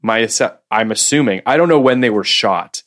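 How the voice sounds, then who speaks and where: A man's voice: on the low side, animated, normal speed, fairly bright tone. A man co-hosting a casual film podcast, thinking aloud and hedging as he restarts his sentences. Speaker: podcast co-host. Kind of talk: casual chat.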